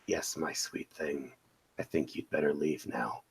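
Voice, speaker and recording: A man voicing a twisted, seductive male creature in a tabletop role-play, speaking in a low, hushed, breathy voice. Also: fairly even intonation, measured pace, slight background noise, heavily acted. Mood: menacing, seductive.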